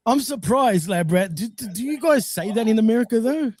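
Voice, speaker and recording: A man's voice: high-pitched, a little fast, a little mellow. A man hosting a casual live stream, telling a long rambling story full of swearing and laughter. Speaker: stream host.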